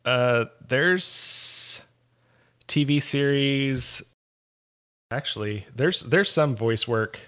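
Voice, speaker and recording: A man's voice: medium pitch, drawn-out words, fairly bright tone, clear, resonant tone. A man talking as a podcast guest in casual chat, rambling and hesitant, often trailing off.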